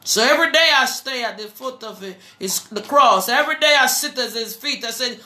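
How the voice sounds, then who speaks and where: A woman with a Jamaican accent preaching to a live online audience, slow and fervent, at times breaking into song. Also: on the high side, expressive, pushed and bright, roomy sound.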